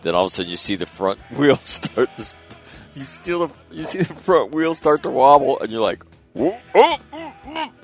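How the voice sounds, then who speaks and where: A middle-aged man hosting a talk radio show, telling stories in a casual, animated way, swearing freely and loudly acting out other voices. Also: mid-range voice, normal speed, soft background music.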